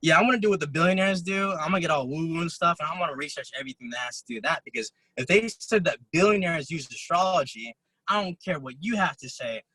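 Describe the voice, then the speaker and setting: A man giving a motivational talk to a group, telling stories and acting out quotes of other people in an animated way. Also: on the high side, quick pace, husky, dry recording, low-quality recording. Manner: animated storytelling, acts out quotes. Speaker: motivational speaker. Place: event room.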